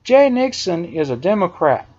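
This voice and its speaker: A man's voice: high-pitched, sing-song, normal speed, darkish tone. A man delivering an emphatic, indignant opinion monologue, hammering his points by repeating phrases. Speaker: political commentator. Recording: dull lo-fi recording.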